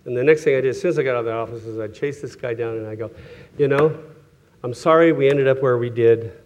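A man's voice: medium pitch, fast talker, a little mellow. Chuckling conversational male preacher. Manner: conversational, self-correcting, chuckles often, acts out quoted voices. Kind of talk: sermon with personal stories.

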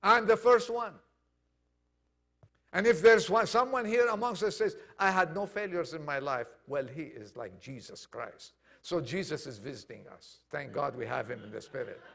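A man preaching a sermon to a congregation, acting out quoted dialogue and swinging from loud declarations to hushed lines. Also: a little high, normal speed, gravelly. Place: church congregation.

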